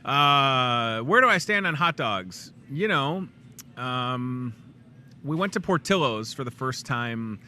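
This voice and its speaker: A man's voice: medium pitch, lively intonation, moderate pace, bright, forceful tone, a little hiss or hum. A man from the Chicago suburbs hosting a live talk show, rambling and joking casually. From Chicago suburbs, USA. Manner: rambling and jokey, chatty asides. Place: inside a grocery store.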